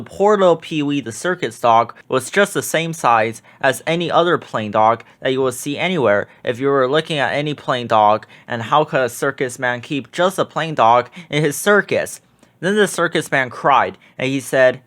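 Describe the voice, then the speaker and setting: A man reading a children's picture book aloud with expressive, drawn-out emphasis. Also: medium pitch.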